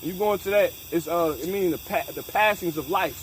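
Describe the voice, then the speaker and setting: A man's voice: high voice, a little fast, a little hiss or hum, rough recording. A man leading a casual scripture discussion, emphatic and profane, mixing street slang with Bible reading. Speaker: scripture study leader.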